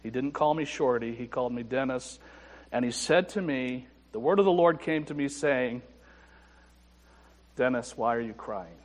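A man preaching a sermon as a pastor, telling a personal story with dry humor and soft, reflective passages. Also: medium pitch, moderate pace. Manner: personal storytelling with self-deprecating humor and hushed reflective moments. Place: church sanctuary. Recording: church sanctuary with long reverb.

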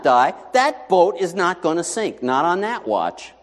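A man preaching a sermon as pastor, in a conversational, animated way full of rhetorical questions. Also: high-pitched, unhurried, hardly any pauses, in a large hall.

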